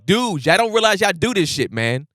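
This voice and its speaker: A man co-hosting a podcast, ranting in casual chat and acting out friends in loud bursts. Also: high-pitched, moderate pace, dry recording, clean studio sound. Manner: animated, ranting, acts out drunk friends with loud outbursts. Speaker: podcast co-host.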